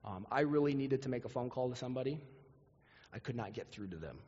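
A man's voice: medium pitch, animated, quick pace, darkish tone, slightly rough. A man preaching a sermon as pastor, earnest and repetitive, acting out quoted prayers. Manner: earnest, repeats words, acts out quoted prayers. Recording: muffled audio with long hall reverb.

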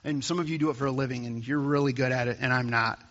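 A man's voice: mid-range voice, fairly even intonation, quick pace, a bit bright, long reverb tail, lo-fi sound. A man preaching a sermon as pastor, telling a personal story in a conversational way with rising emphasis. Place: church.

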